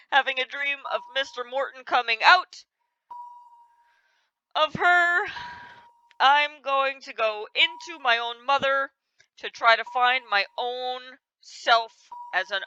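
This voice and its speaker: A woman's voice: sits high, bright, forceful tone, lo-fi sound, a little hiss or hum. A young woman playing a video game, commenting expressively and in exasperation, often breaking into laughter. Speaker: gamer. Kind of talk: let's play commentary.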